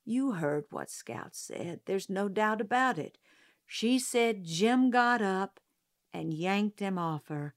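In an audiobook, a woman voices a principled small-town lawyer and father, reading his lines calmly, firmly, and earnestly. She speaks slowly at medium pitch, a little louder than in her narration.

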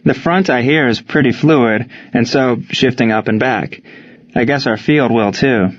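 A man voicing a steady, plain-spoken army-era baseball coach. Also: medium pitch, a little slow, lightly acted. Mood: calm. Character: gruff, steady male wartime baseball coach. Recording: slightly dull lo-fi recording.

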